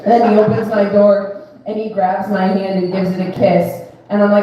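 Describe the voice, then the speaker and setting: A woman's voice: fairly low pitch, steady tone, fairly quick, noisy background. A woman doing stand-up, bubbly and teasing, laughing between lines. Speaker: comedian and emcee. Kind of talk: stand-up set. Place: comedy club stage. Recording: echoey room, distant mic.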